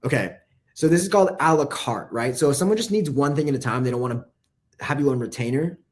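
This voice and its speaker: Fast-talking casual copywriting coach man. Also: medium pitch. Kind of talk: casual live lesson.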